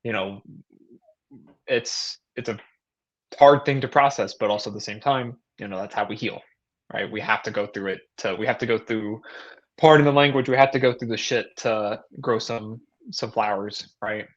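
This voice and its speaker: A man's voice: on the low side, moderate pace, dull audio. A man co-hosting a podcast, talking in a laid-back, casual way and telling stories with energy. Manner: laid-back storytelling, animated when retelling. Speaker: podcast co-host.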